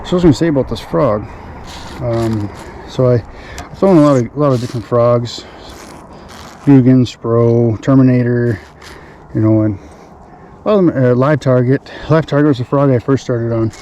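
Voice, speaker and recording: A man on a boat, chatting excitedly to the camera as he fishes. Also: mid-range voice, normal speed, pauses often. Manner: excited, chatty, talks to himself while fishing. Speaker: fishing vlogger. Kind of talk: casual outdoor narration. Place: outdoors on a boat on a lake. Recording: outdoor noise, wind on the mic.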